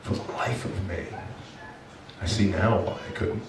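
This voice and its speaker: A man's voice: low-pitched, unhurried, far from the mic, background noise. A male pastor preaching a sermon, telling a personal story in an earnest, emotional way. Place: church sanctuary. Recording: echoey church heard from afar.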